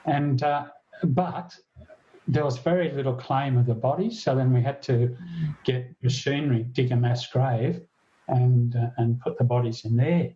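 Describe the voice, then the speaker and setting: An older man, a retired police detective telling a story in a podcast interview, earnest and halting with frequent restarts. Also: mid-range voice, fairly even intonation, dull audio. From Australia.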